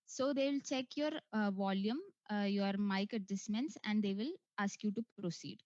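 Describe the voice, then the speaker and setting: A woman's voice: medium pitch, normal speed, darkish tone, dry recording, dull audio. A woman explaining an online test step by step, with frequent "uh" and "so" as she goes. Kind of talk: screen walkthrough tutorial.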